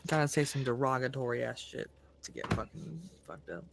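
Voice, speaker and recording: Laid-back gravelly gamer on a noisy mic. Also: medium pitch, brisk. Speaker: gamer chatting with friends. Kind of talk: casual voice chat while gaming.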